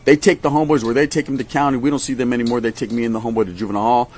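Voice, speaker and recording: A man's voice: medium pitch, very fast, slight background noise. A man tells a story from his past in casual slang, swearing often and acting out other people's voices. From California. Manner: animated, acts out voices, swears a lot.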